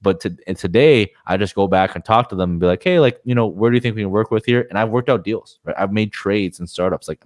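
Low-voiced man, frank podcast guest. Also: darkish tone, no room sound, clean studio sound. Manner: frank, rambling, swears casually. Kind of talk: casual podcast talk.

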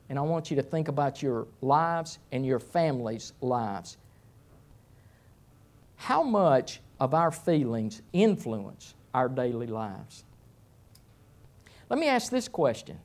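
A middle-aged pastor delivers a sermon at a slow, deliberate pace. He speaks plainly and takes his time over every phrase. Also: fairly high pitch, sing-song, darkish tone.

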